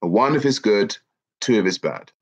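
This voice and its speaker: Lively congested man, lo-fi. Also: on the low side, moderate pace. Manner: reads viewer comments aloud, lively and chatty. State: congested, bunged up. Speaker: livestream host. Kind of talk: casual livestream chat. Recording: dull lo-fi stream audio.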